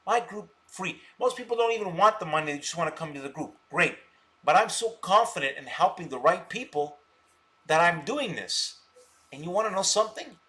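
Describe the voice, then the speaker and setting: A man hosting a stock trading live stream, mocking his viewers scornfully and boasting, with loud bursts of laughter between rambling stretches. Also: sits high, expressive, a little fast. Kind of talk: ranting live stream talk.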